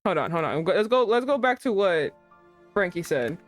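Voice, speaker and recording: A young woman hosting a casual livestream chat, excitable, swearing and breaking into laughing outbursts. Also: on the low side, moderate pace, faint music behind. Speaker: streamer host.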